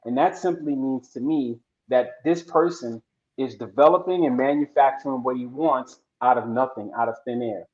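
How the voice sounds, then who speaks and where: A man's voice: medium pitch, moderate pace, darkish tone. A man co-hosting a show, casually retelling a folk story to make an earnest motivational point. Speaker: podcast co-host. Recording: roomy, dull lo-fi audio.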